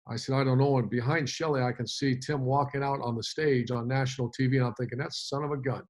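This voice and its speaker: A middle-aged man, a football coach, telling a story in an interview, animated, with many restarts and fillers. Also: medium pitch, fast.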